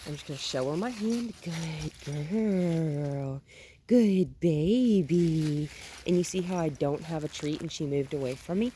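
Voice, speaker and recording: Young female dog trainer, lowish voice, swooping delivery, outdoors with faint background noise. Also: fast talker, hardly any pauses. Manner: calm explaining, with cooing praise to the dog. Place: outdoors in a park.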